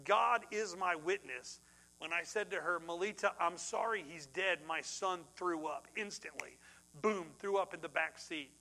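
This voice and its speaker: A man preaching, middle-aged, his voice sitting high and bright. He swings between ringing, forceful outbursts and quiet, hushed passages as he tells a story from the pulpit. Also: a little slow, low-quality recording. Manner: animated, swings from loud outbursts to hushed tones. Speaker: pastor. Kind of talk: sermon with personal story.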